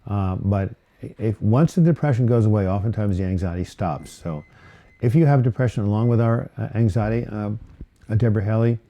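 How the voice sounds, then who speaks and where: Chatty man with a dark, mellow voice. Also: fairly low pitch, fairly quick. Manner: rambling, chatty, with frequent fillers and self-corrections. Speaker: host of a live viewer Q&A on mental health. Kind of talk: casual live-stream chat, reading and answering viewer comments.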